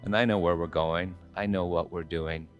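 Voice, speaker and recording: Deep-voiced pastor preaching in a hall. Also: male voice, fairly even intonation, moderate pace, faint music behind. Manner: conversational preaching with fillers and rising emphasis. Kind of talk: sermon. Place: church sanctuary.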